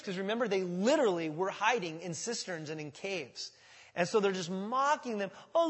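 A middle-aged male pastor tells a Bible story in a casual, animated way and acts out each character. His voice sits high and sounds husky. A long reverb from the hall trails after him. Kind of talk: sermon retelling a Bible story.

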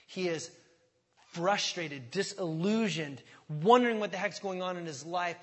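A man's voice: high-pitched, unhurried. Impassioned male pastor preaching. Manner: impassioned, rising to emphatic outbursts. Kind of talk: sermon.

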